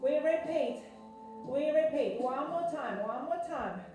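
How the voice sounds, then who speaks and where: A high-voiced woman coaches a pilates session at home, slow and deliberate, counting down reps and cheering people on while she works out herself and runs short of breath. Her voice rings in an echoey room, picked up from a few steps off the mic, with music playing underneath. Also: lively intonation, distant mic. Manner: encouraging, counting reps, puffing while exercising. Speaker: fitness instructor. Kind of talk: home workout instruction.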